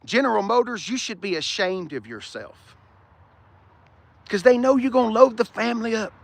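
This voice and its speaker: A man's voice: on the high side, animated, brisk, vocal fry. A middle-aged man, hosting a casual walk-around car review and ranting with blunt, profane opinions.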